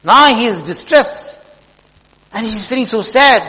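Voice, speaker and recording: Man, preacher, earnest storytelling, high-pitched, long hall echo. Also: animated, measured pace, long pauses, pushed and bright. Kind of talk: sermon with storytelling.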